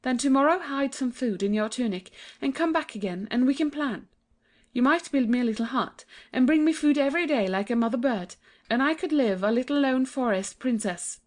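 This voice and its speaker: A woman voicing a gentle, trusting young princess in a dramatized audiobook, innocent and pleading. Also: sits high, expressive, a little fast. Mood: brave.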